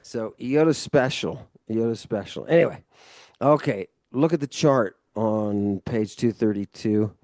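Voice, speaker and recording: A man's voice: lowish voice, unhurried, dark tone, no room sound. A man giving a casual one-on-one Ancient Greek lesson, explaining step by step and often checking understanding with "right?". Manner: casual and loose, with mild swearing.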